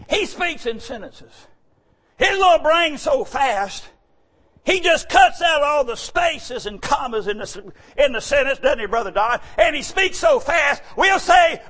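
A man preaching a folksy, joking sermon, animated and often shouting. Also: very high voice. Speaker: church speaker.

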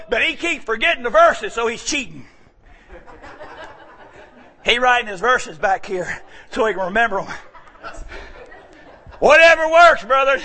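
A man from the American South preaching a folksy sermon, moving between quiet asides and shouted exclamations. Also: very high voice, lively intonation, a little slow, pauses often. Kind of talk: sermon storytelling.

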